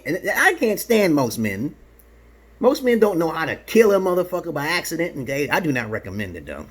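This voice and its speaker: Brooklyn-raised man, rough-edged voice, boastful and provocative, keeps asking "okay?" in a loose vlog monologue. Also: fairly high pitch, huge pitch swings, brisk. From Brooklyn, New York. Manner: peppers talk with "okay?". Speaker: vlogger. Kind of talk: rambling casual monologue.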